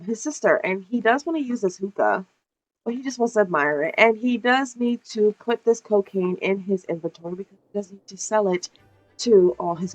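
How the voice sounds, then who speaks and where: A woman's voice: medium pitch, poor audio. A woman narrating her life-sim gameplay in casual commentary, chatty and profane, often laughing.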